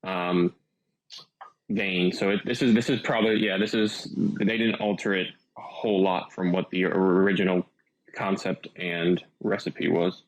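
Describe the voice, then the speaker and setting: A man co-hosting a podcast in casual chat, pausing often with fillers and restarts. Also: low-pitched, fairly even intonation, poor audio. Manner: hesitant, lots of fillers and restarts. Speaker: podcast co-host.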